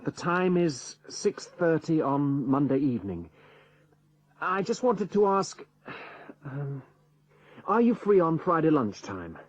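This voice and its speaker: Paul, a hesitant answer-phone caller. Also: male voice, on the high side, highs cut off, heavily acted. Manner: casual, hesitant. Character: Paul, a friendly man leaving a message. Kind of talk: scripted answer-phone message.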